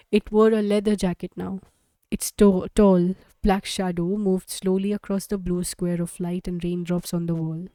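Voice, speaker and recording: A woman's voice: medium pitch, mellow, smooth, no room sound. A woman reading a novel aloud on a live stream. She reads steadily, sometimes stumbles and corrects herself, and gives the characters' dialogue light changes of tone. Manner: reads aloud with small slips and self-corrections. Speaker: audiobook reader.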